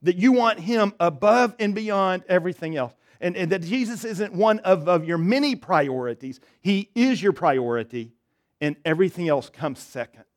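Man, pastor, sermon, dynamic loud-to-soft delivery, slightly high voice. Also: expressive, moderate pace. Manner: dynamic preaching, swings from loud emphatic to soft and low.

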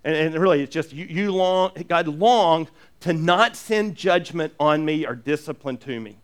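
A man preaching a sermon as pastor, earnest and animated, with jokey asides and lots of repeated restarts. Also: fairly high pitch, measured pace, clear, resonant tone.

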